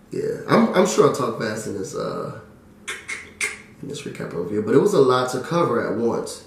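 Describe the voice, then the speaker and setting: A man recapping a TV show in a casual, excitable chat, trailing off with fillers. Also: mid-range voice, a little slow, long pauses, slight background noise. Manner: chatty and excitable, drops fillers and "da, da, da". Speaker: TV recap vlogger. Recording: very echoey room.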